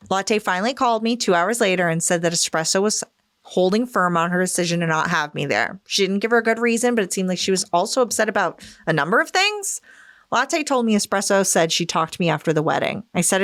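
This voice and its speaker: Woman host, reads listener letter, expressive, acts out quotes, dry close sound. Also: medium pitch, no room sound. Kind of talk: reading a listener's story aloud.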